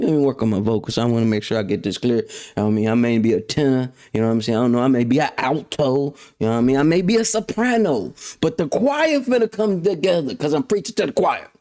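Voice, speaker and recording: A man hosting his own show, ranting in a casual, slangy monologue that swings between loud outbursts and low mutters. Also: sing-song, vocal fry. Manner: slangy, drawn-out emphasis. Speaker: podcast host.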